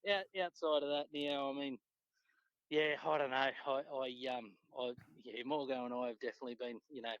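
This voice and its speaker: A man with an Australian accent, a podcast guest telling fishing stories in a relaxed, swearing, casual way. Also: normal speed, clear, resonant tone, no echo. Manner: laid-back, swears freely, acts out quotes with pitch jumps. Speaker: podcast guest, tournament angler. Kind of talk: casual storytelling chat. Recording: dull lo-fi dry sound.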